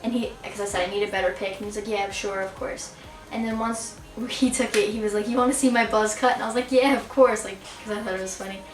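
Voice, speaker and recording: A woman's voice: medium pitch, level tone, far from the mic. A teenage girl gushes through a fan story in a casual vlog, piling on "like" as she goes. She sits a little back from the mic, and her voice rings in a roomy space with faint music underneath. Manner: gushing, fast, full of "like". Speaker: vlogger.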